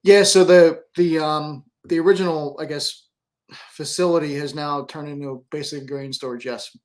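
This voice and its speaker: A man's voice: on the high side, fairly even intonation, moderate pace, a little mellow. A man who is a guest photographer in a casual studio chat, easygoing and agreeable. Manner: easygoing, agreeable, short replies.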